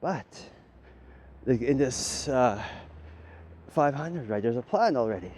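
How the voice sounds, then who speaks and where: Guy rambling on, cussing a lot, keeps saying right?, normal pitch, little bit of noise behind him. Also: animated, slow pace, darkish tone. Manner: rambling, profane, tags lines with "right?", laughs often. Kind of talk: rambling monologue.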